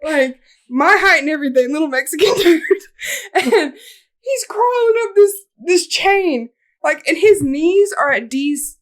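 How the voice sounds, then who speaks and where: High-voiced woman rambling through funny stories. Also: animated, a little slow. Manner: rambling storyteller, laughs often through her stories. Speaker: podcast co-host. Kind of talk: casual chat.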